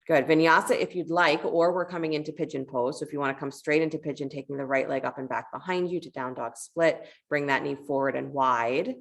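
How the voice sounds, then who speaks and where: A woman teaching a yoga class, giving calm, encouraging cues and telling a short parable along the way. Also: low voice, a little fast, vocal fry, few pauses. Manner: calm, encouraging cueing with a parable told in between.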